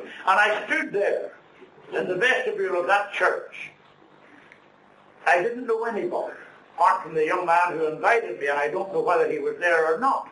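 Middle-aged man, high-pitched earnest preacher, caught from a distance in an echoey room with faint hiss. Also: normal speed, sharp tone. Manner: earnest storytelling with preacherly emphasis. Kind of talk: sermon testimony.

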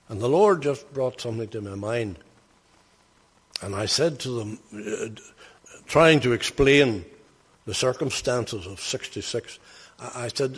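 A man's voice: medium pitch, expressive, unhurried, pauses often, slightly rough, long reverb tail. An older man, preaching by telling stories in a folksy, anecdotal way that rises to emphatic bursts. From Northern Ireland. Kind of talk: sermon storytelling.

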